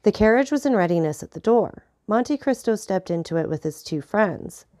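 A woman narrating an audiobook of a classic novel in a steady, clear reading voice. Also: medium pitch, normal speed, dry recording, clean studio sound.

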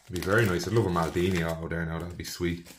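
A young man with a slightly low voice talks his viewers through a box of trading cards. He rattles off player names one after another, chatting to them casually as he goes. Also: fairly even intonation, fast talker, slight background noise. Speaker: trading card box breaker. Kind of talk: casual card-opening commentary.

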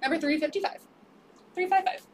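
A woman's voice: high-pitched, brisk, far from the mic, slight background noise. A woman selling secondhand clothes on a live stream, upbeat and repeating sizes, prices and item numbers. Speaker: resale live-stream seller. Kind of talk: live sales pitch.

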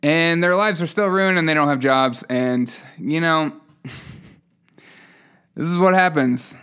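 With a fairly high, clear and resonant voice that's a bit bright, this man speaks a little slowly while hosting a casual news podcast. He goes through headlines loosely and unscripted, using fillers and adding sarcastic asides with a chuckle.

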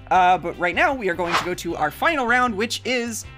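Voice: mid-range voice, lively intonation, a little fast, over music. A laid-back host running an improv comedy game, chuckling and using lots of fillers. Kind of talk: hosting an improv game stream.

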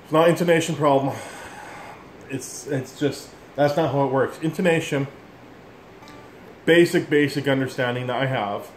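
A middle-aged instrument teacher gives a casual music lesson, explaining bluntly and rambling, even calling himself an ass for it. His mid-range voice moves at a moderate pace with frequent pauses, recorded in an echoey room with an instrument playing and slight background noise.

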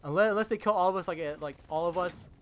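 A young man giving jumpy, excitable live commentary over his own gameplay, filling his talk with "like" and calling out to his teammates. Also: high voice, very fast, faint music behind. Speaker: gaming channel host.

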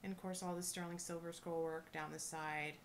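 A woman reselling jewelry, chatting casually and gushing with excitement as she unboxes a thrift lot. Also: fairly low pitch, a little fast, slight background noise. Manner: gushing, excitable, lots of oohs and little laughs.

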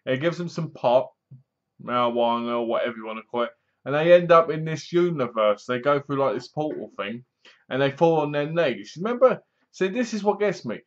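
A man talks through a film review in a loose, rambling way, dropping wry asides as he goes. His voice sits at an ordinary middle pitch. The recording is dull and lo-fi, like a cheap home mic. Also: lively intonation, fairly quick. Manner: rambling, chatty, wry humor. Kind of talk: casual spoken movie review.

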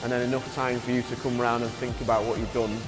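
Male S&C coach, mid-pitched, explanatory, many "yeah"s; long reverb, faint music. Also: little pitch movement, fast. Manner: constant affirming "yeah", explanatory. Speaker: strength and conditioning coach. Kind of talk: coaching interview chat.

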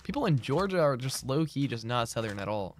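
A man talks loosely to his stream chat while he plays, in a slangy, rambling way at an ordinary middle pitch. Keyboard clicks and typing sound faintly behind his desk mic. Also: very animated, fairly quick, slight background noise. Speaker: game streamer. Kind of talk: casual live-stream chat.

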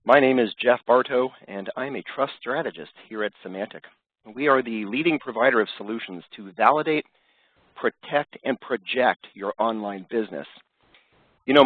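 A man's voice: on the low side, dry recording. Man with a head cold, phone line. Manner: upbeat, with many fillers. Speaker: webcast host and presenter. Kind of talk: presenting a business webcast. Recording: dry, tinny phone-line audio.

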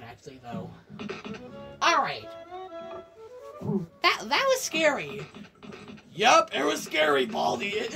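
A woman giving jumpy reaction commentary, her high voice leaping all over as she exclaims and swears. She talks slowly, a bit far from the mic, with clear music playing behind her. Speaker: video reactor.

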